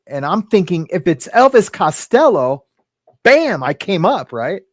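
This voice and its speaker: A man's voice: a little high, big pitch swings, measured pace, no echo, studio quality. Rambling middle-aged man telling a story. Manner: rambling, full of "right?" and "like". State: emotional, near tears. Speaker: podcast guest. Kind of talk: personal storytelling.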